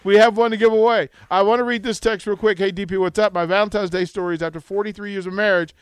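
A middle-aged man hosting a sports radio show, telling a story with lively acted-out quotes. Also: sits high, quick pace, smooth, dry recording. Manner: animated storytelling, acts out quotes. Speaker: radio host.

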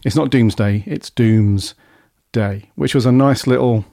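Mellow-voiced podcast host. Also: male voice, medium pitch, fairly quick, gravelly, no echo, studio quality. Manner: chatty, upbeat British slang. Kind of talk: casual podcast chat.

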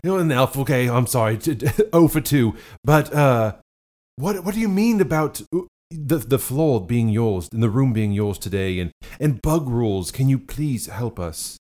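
A man in a tabletop game session, playful and punning, with a lively, animated pitch that bounces around. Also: moderate pace. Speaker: player. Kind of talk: playing a tabletop game in character.

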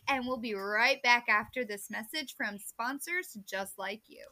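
A woman's voice: on the high side, a little slow, pushed and bright, dry recording. A woman co-hosting a women's Bible podcast in casual chat, laughing easily and rattling off scripture references. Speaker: podcast co-host.

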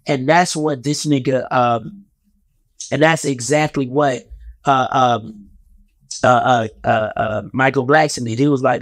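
A man's voice: mid-range voice, fairly even intonation, measured pace, no echo, clean studio sound. A man giving a heated, profane, rambling commentary rant in a casual vlog.

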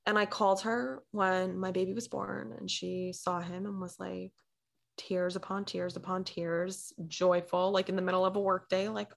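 A woman's voice: on the low side, moderate pace, creaky. Young woman telling a story animatedly. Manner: animated storytelling, acting out quoted people; lots of "like" fillers, drops to near-whispers. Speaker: blogger. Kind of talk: casual chat.

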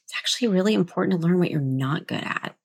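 A woman guest author in a relaxed interview, telling anecdotes in an animated, conversational way. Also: on the low side, fast talker, creaky, breathy edge. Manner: animated, tells anecdotes with tag questions. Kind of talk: conversational storytelling.

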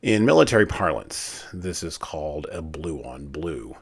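A man reading a war memoir aloud in a measured way with dramatic pauses, then commenting on it. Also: rumbling low, big pitch swings, breathy edge. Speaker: reader and commentator.

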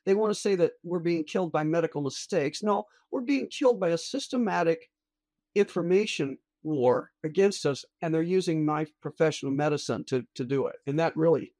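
A woman's voice: low-pitched, expressive, normal speed, warm tone, no echo. A woman physician talking as a guest in a casual discussion, blunt and emphatic.

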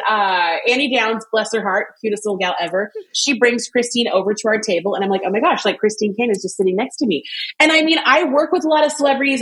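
A woman guest telling a lively story and walking through a quick recipe in casual chat, with fast asides and lots of laughter. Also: mid-range voice, rough recording. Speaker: cooking guest.

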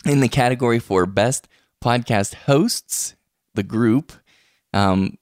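Slow-paced and mid-range, this podcast host's voice comes through a podcast mic in clean, echo-free studio sound. He keeps things chatty and casual, laughing frequently.

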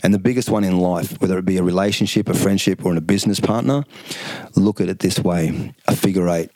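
An Australian former kickboxing champion in his fifties talks casually and at length as an interview guest, with a low voice, fast delivery and no echo. He's a rambling, animated storyteller who acts out quotes.

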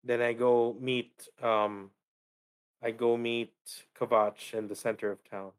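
A man playing a tabletop game in a relaxed, easygoing way. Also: medium pitch, measured pace, clear, resonant tone. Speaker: player.

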